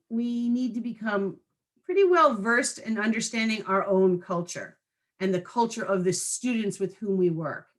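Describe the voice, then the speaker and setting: A woman's voice: on the high side, a bit bright. A woman trainer giving a training presentation to school staff in a conversational way, often checking in with her listeners through short tag questions.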